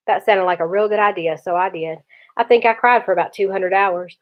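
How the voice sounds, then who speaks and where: A woman teacher reading a chapter book aloud in a steady storytelling voice. Her pitch sits mid-range, and the sound is dull and lo-fi. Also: fairly quick. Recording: dull lo-fi recording.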